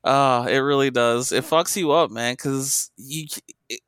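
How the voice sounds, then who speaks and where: A man's voice: medium pitch, unhurried, fairly bright tone, clear, resonant tone, no echo, clean studio sound. A man co-hosting a podcast in casual chat, loose and profane, with plenty of fillers and restarts. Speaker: podcast co-host, former game tester.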